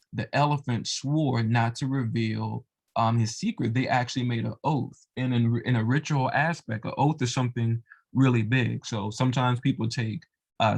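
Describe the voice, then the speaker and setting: A man with a creaky, medium-pitched voice retells a devotional folk tale in relaxed oral storytelling. As a storyteller of religious tales, he keeps it loose, with many fillers and asides.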